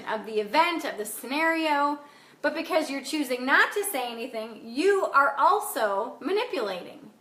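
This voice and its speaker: A woman's voice: high voice, fairly bright tone, roomy sound. A woman life coach chatting on a live stream, reading comments aloud and talking in a blunt, emphatic way with casual swearing.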